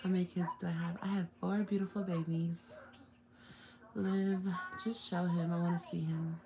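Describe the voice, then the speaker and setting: A woman's voice: on the low side, flat delivery, normal speed, background noise. A young woman vlogger chatting casually on a livestream from home, often slipping into playful, laughing baby talk with her little son.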